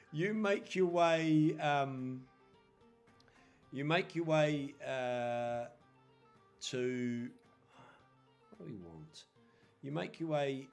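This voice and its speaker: A man narrating a tabletop role-playing game as game master, pausing often with fillers. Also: a little high. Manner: hesitant, many fillers.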